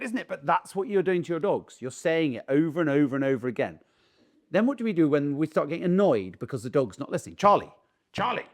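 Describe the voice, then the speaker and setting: Blunt, animated man. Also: a little high. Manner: blunt, animated, mimics owners calling dogs. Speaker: dog trainer. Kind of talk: casual talk to camera.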